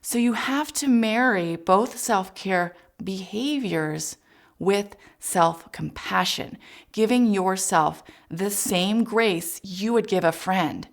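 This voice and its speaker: A woman child psychologist giving a gentle, encouraging parenting talk, speaking directly to parents. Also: medium pitch, slow, gravelly.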